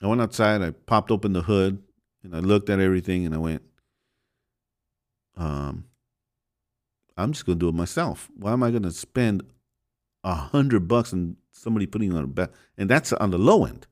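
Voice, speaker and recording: A man with a lowish voice gives a casual, conversational sermon. He rambles and restarts his sentences, chuckling as he goes, and speaks straight to his listeners. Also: animated, normal speed, long pauses, darkish tone. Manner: rambling, self-interrupting, chuckles, addresses listeners as folks. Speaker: podcast host preaching.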